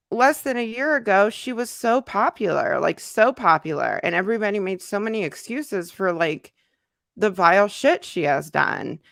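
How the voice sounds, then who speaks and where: A woman's voice: lowish voice, gravelly, a bit bright, no echo, studio quality. A woman hosting her own commentary channel, talking casually and earnestly to her viewers, with frequent fillers and restarts. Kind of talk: casual talk to camera.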